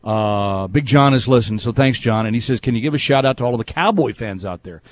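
A man's voice: mid-range voice, quick pace, dry recording. A man in his fifties from Texas hosting a sports radio show, chatting casually and laughing often.

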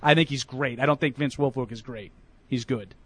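A man's voice: medium pitch, brisk. A man co-hosting a sports talk show, arguing his picks emphatically in casual debate. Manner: emphatic, argumentative. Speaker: sports radio co-host.

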